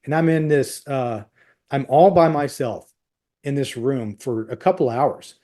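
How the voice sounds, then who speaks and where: A man's voice: medium pitch, unhurried, warm tone. A middle-aged man, a podcast guest, telling a personal story in an intense, tumbling way and acting out the dialogue.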